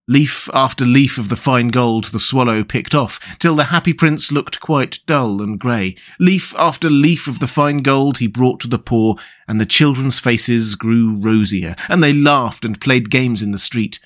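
A male storyteller reads a classic tale aloud at a middle pitch. His narration is calm and even, as he hosts his own story show. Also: a little slow, few pauses. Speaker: storyteller and podcast host.

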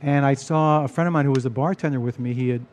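A man, a bartender telling stories in casual chat, animated and full of restarts. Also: mid-range voice, fast. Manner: animated storyteller, frequent restarts. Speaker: bartender and storyteller.

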